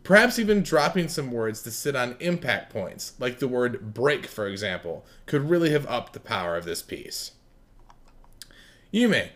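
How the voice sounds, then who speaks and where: A man judging writing contest entries, blunt, sarcastic and profane, swinging between loud bursts and muttered asides. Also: medium pitch. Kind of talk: recorded critique of contest entries.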